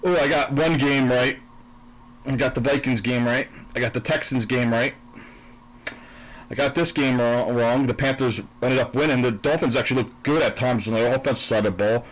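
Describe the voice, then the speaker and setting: A man's voice: medium pitch, fairly even intonation, a little fast, rough recording. Profane, sarcastic man ranting. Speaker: sports and politics commentator. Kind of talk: angry political rant and football picks recap.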